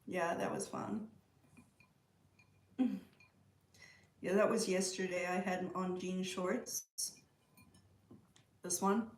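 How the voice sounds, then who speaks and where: Woman, livestream host, casual chat, unhurried, answers viewers, roomy echo. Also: fairly low pitch, fairly even intonation. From Canada. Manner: chatty, reads out and answers viewer comments. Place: room at home with a pet bird.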